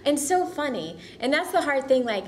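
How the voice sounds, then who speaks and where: A woman's voice: high-pitched, sing-song, moderate pace, slight background noise. A woman actress answering interview questions casually, upbeat, friendly and enthusiastic.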